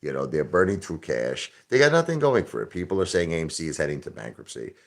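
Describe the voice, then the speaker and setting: A man hosting a casual live stream, talking in a brash, combative rant. His voice sits very low. He hammers his points by repeating them. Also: big pitch swings, fast, gravelly.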